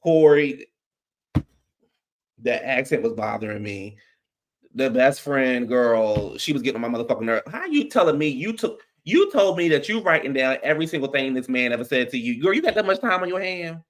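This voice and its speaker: A man at a medium pitch hosts a loose chat show. He delivers blunt, strongly held opinions and swears freely. The talk is relaxed and off the cuff. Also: normal speed. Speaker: podcast host. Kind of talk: casual chat, movie review.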